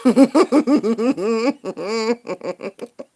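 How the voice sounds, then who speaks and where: A woman's voice: a little high, expressive, drawn-out words, mellow. A woman giving a casual tarot reading, talking bluntly and frankly and laughing often. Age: adult parent. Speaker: tarot reader.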